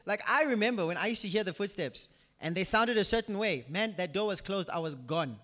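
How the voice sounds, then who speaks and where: A young man preaching a casual, animated sermon in a church, talking straight to the congregation with lots of asides. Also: sits high, fairly quick, in a large hall. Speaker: pastor. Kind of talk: conversational sermon.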